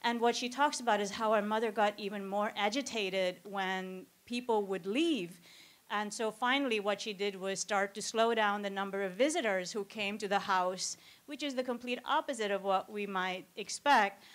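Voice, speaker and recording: A woman presenting at a conference, explaining a clip in a clear, measured way. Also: mid-range voice, fairly bright tone. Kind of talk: academic talk.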